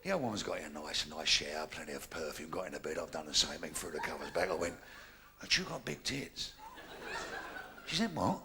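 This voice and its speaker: Brash gravelly man telling stage jokes. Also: a bass voice, lively intonation, brisk. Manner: brash, bawdy joke-telling, acting out both sides of each exchange. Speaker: stand-up comedian. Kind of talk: stand-up comedy routine. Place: large theatre stage. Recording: noisy live theatre recording.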